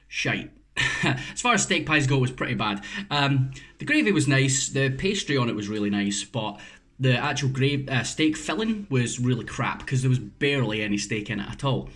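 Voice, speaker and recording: A man's voice: mid-range voice, a bit bright. A man hosting a casual food review vlog, chatty and casually sweary, often correcting himself. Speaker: food reviewer, channel host.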